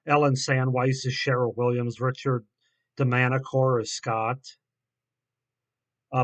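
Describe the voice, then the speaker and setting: A man reviewing a horror film in a casual, halting way, with many fillers and restarts. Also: medium pitch, fairly bright tone.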